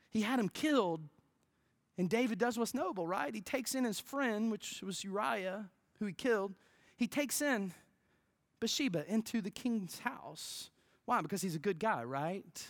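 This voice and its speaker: A pastor delivering a sermon in an informal storytelling way, swinging from loud, high emphasis to near-whispers and often adding "right?". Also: animated, normal speed, no room sound, studio quality. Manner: peppers phrases with "right?".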